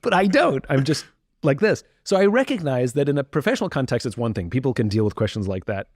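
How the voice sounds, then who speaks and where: A man's voice: medium pitch, expressive, quick pace, darkish tone. A man speaking as a podcast guest, talking candidly and reflectively about himself in conversation. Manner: candid, self-reflective, acts out quoted voices.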